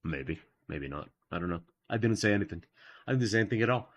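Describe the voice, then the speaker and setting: A man's voice: low-pitched, expressive, fast, a bit bright, lo-fi sound. A man hosting a live art stream in casual chat, playful and jokey, often laughing at himself.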